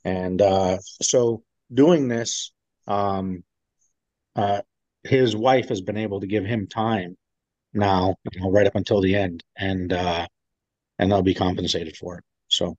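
Veteran guy telling a story on a podcast, kinda low voice, lots of ums, dry dull sound. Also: fairly even intonation, slow pace, darkish tone, no echo. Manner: rambling, many fillers and restarts. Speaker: guest, veteran. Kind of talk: casual storytelling in an interview.

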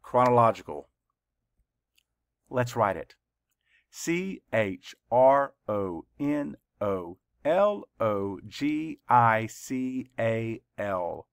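A man teaching a spelling lesson to schoolchildren, speaking very slowly and carefully as he calls out words and spells them letter by letter. His medium-pitched voice sits close to the mic in a dry space with no room echo. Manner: slow, deliberate letter-by-letter dictation.

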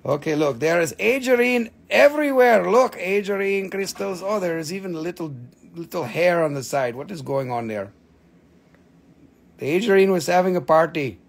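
Brief: excitable male host selling crystals live on a phone, husky high voice, casual cursing. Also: normal speed. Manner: excitable, chatty, swears casually, laughs often. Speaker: crystal seller hosting a live sale. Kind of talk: live-stream sales chat.

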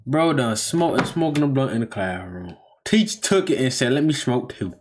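A man's voice: mid-range voice, lively intonation, moderate pace, noisy background. A man hosting a reaction video, talking casually in slang and often repeating himself as he stops to comment.

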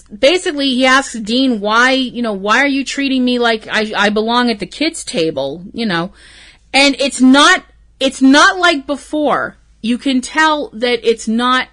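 Bright-voiced, swearing woman fan podcaster. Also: medium pitch. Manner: emotional, profane and gushing. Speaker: podcast host. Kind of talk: casual episode recap.

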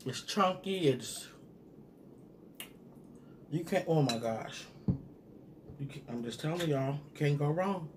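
A man's voice: fairly high pitch, lively intonation, slow pace, pauses often, a little hiss or hum. A man in a casual food-review vlog who chats straight to his viewers and hums and murmurs while he eats. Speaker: mukbang vlogger reviewing a sauce.

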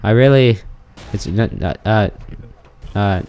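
A young man giving excitable gaming commentary, yelling and swearing a lot as he plays. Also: lowish voice, slow pace. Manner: excitable, yells and swears often. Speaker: gaming YouTuber. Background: music.

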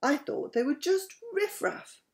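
A woman's voice: high-pitched, expressive, measured pace, pitched above the performer's own voice. A woman voicing a formal, dismissive male castle guard. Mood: surprised.

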